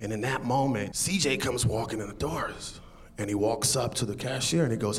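A man, a comedian, telling a true story to a live audience in a relaxed, conversational way, chuckling now and then. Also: lowish voice, moderate pace.

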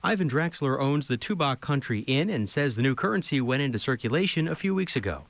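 A man's voice: medium pitch, expressive, fairly quick, dry recording. A man presenting scripted radio news.

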